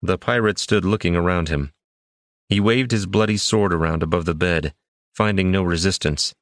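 A man narrating a fantasy adventure book in a measured, dramatic reading. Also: deep voice, no room sound, clean studio sound. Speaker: audiobook narrator.

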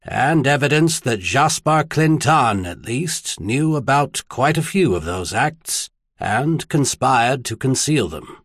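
A man reading the part of a mild, measured older male archbishop in an audiobook. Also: mid-range voice, expressive, a bit bright, breathy edge, dry recording, studio quality, heavily acted. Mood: grave. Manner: mild, measured, then grave.

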